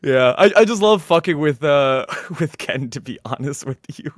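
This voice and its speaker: A man co-hosting a casual livestream, wired and excitable, giggling often as he reads donations. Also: on the high side, normal speed, no echo, clean studio sound. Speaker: stream co-host.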